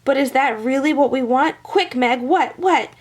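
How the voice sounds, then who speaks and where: A woman voicing an eager little boy in a storybook read-aloud, quick and urgent. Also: high voice. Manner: excited, urgent.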